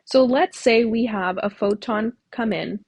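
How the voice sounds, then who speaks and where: A woman's voice: a little high, measured pace, a little mellow. A woman tutor explaining a topic step by step, asking herself questions as she works through a diagram. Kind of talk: whiteboard lecture.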